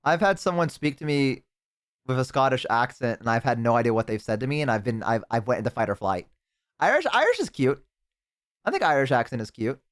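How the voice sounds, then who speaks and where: A man's voice: medium pitch, big pitch swings, a little fast, no echo, studio quality. A man streaming live, chatting casually to his viewers, rambling and swearing freely.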